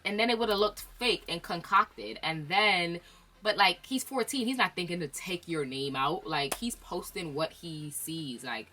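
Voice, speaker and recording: Low-voiced chatty woman dishing on TV. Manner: animated, opinionated, frequent "like" and laughs. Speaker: YouTube host. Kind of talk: casual reality TV commentary.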